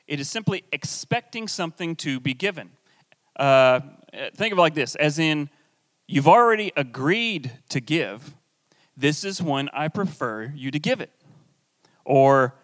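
A young man gives a sermon in a church hall. His voice sits a bit high, and it rings with a long hall reverb. He teaches in a playful, animated way and keeps turning to the audience with asides. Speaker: pastor.

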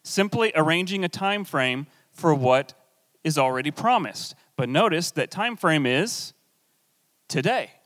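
A young man gives a sermon in a church hall. His voice sits a bit high, and it rings with a long hall reverb. He teaches in a playful, animated way and keeps turning to the audience with asides. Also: measured pace. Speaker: pastor.

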